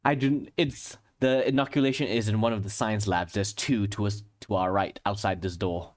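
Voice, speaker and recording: A man voicing a gruff male crew leader in a tabletop game, with a level delivery that drifts toward a British lilt. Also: medium pitch, steady tone, fast talker, lightly acted. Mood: briefing.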